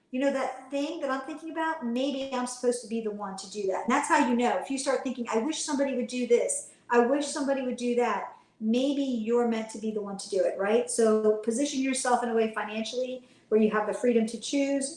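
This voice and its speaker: Brief: woman host, higher voice, upbeat encouraging coach, chatty livestream, echoey room. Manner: upbeat, encouraging, chatty with "you guys" and "right?". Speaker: financial coach and real estate investor. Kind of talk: livestream talk to viewers.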